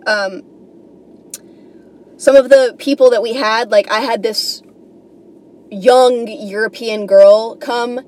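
A young woman from New York rambles through a comedy podcast monologue, swearing freely and filling her sentences with "like" and "you know". Her voice sits a little on the high side. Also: steady tone, takes it slowly, pauses often, a little mellow. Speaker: podcast host.

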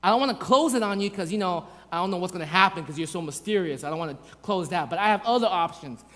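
A man preaching a sermon to his church, asking rhetorical questions and acting out little stories with lively voices. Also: high-pitched, fast talker. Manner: animated, acts out voices in anecdotes, rhetorical questions. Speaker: pastor. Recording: long hall reverb.

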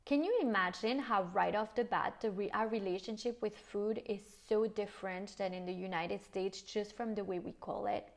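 A woman's voice: mid-range voice, normal speed, gravelly, few pauses. A middle-aged French woman with a French accent, hosting a casual solo podcast, frank and swearing casually, slipping in French phrases. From France. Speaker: podcast host.

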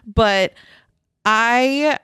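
A woman's voice: on the high side, extremely slow, fairly bright tone, clear, resonant tone, dry recording, clean studio sound. A young woman co-hosting a podcast, telling a story casually and bluntly, swearing a lot and often laughing. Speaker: podcast co-host. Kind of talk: casual chat.

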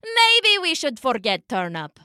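A woman's voice: high-pitched, huge pitch swings, unhurried, bright, forceful tone, no room sound, clean studio sound, exaggerated voice. A woman voicing a practical old grandmother in a folktale storybook, matter-of-fact in tone.

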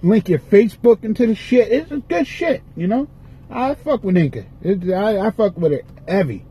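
A man's voice: high voice, very animated, normal speed, warm tone, slightly rough, rough recording. A man hosting his podcast in a casual rambling monologue, profane and frustrated, with a stuffy nose. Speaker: podcast host. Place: parked car.

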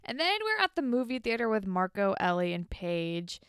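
A woman's voice: mid-range voice, very animated, normal speed, fairly bright tone, smooth, no echo, studio quality. A young woman co-hosting a podcast, chatting casually and acting out characters' lines. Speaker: podcast co-host. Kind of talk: casual recap chat. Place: New York.

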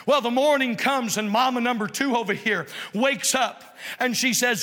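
A man pastor preaching a sermon in a church, impassioned and at times shouting. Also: very high-pitched, moderate pace, big-room sound. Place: church sanctuary.

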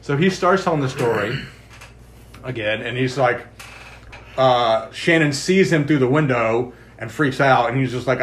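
A man's voice: medium pitch, a little slow, a little hiss or hum. A man chatting casually on a podcast, walking through an episode beat by beat. He tells it like a storyteller and drops into the characters' quoted lines as he goes. His voice sits in an ordinary middle register. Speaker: podcast co-host. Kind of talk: casual chat recapping a TV episode.

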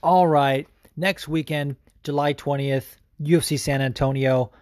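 A man hosting a podcast, talking casually in a rambling, excitable way with plenty of fillers and swearing. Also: fairly high pitch, a little slow, no echo, studio quality. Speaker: podcast host. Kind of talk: casual chat.

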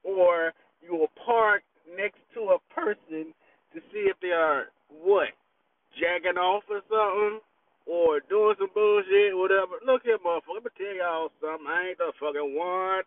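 A high-pitched man rambles, a bit tipsy, swearing and laughing easily. The sound is dry and tinny, like a phone call. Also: dry recording. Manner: profane, laid-back, laughs often. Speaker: vlogger. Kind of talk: casual rambling chat. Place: parked vehicle in a park.

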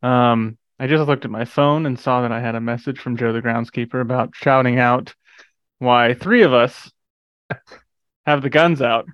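A man's voice: medium pitch, unhurried, fairly bright tone, clear, resonant tone, no room sound. A man hosting a casual chat podcast, easygoing and hesitant with plenty of filler words. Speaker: podcast host. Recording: dull, dry lo-fi recording.

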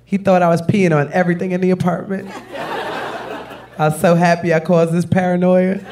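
A woman comedian telling a brash, profane, animated story on stage. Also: fairly low pitch, brisk, crowd noise. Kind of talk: stand-up storytelling. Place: live comedy show.

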